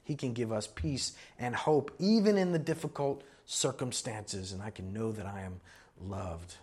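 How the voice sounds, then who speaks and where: A man's voice: on the low side, normal speed, a little mellow, husky. A man preaching a sermon as pastor, conversational and earnest, building to emphatic exhortations.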